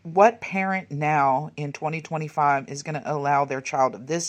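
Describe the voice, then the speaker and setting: A woman, chatting casually while leafing through old photos, rambling and muttering soft asides. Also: low voice, fairly even intonation, moderate pace, few pauses. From Texas. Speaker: vlogger. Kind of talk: casual reminiscing over a photo album.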